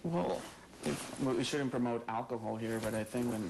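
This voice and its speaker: A man's voice: mid-range voice, steady tone, normal speed, vocal fry, background noise. A man from Colombia, a native Spanish speaker, interviewing a guest on radio and switching between English and Spanish.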